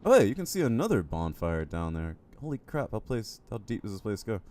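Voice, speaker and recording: A man's voice: lowish voice, sing-song, brisk, darkish tone. A man streaming a game live, chatty and jokey, reacting to the game and talking to his chat. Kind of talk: live gameplay commentary.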